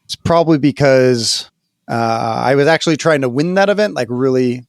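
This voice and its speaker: A man co-hosting a casual gaming podcast, telling stories in an animated way with plenty of fillers and laughs. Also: mid-range voice, moderate pace, no echo, clean studio sound. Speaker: podcast co-host. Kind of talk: casual chat.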